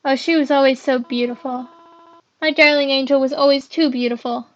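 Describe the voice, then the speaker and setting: A woman's voice: high voice, fairly even intonation, a little fast, dull audio, close to an everyday voice. A girl voicing a grieving mother who mourns her young daughter and speaks sorrowfully, close to tears. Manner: sorrowful, tearful, apologetic.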